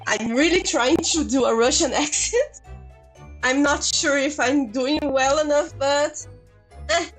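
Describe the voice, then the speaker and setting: A woman's voice: high-pitched, a little slow, faint music behind, low-quality recording. A woman streamer giving chatty, self-amused commentary while playing a game. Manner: chatty, laughs at herself. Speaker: VTuber streamer.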